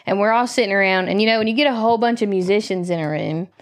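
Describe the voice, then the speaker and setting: A woman musician on a casual podcast, telling a story with loud acted-out quotes and lively swearing. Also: medium pitch, racing.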